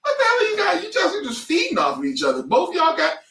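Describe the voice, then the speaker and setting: A man co-hosting a podcast in casual chat, animated and prone to loud outbursts and impressions. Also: very high-pitched, fast talker, roomy sound, distant mic. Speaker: podcast co-host.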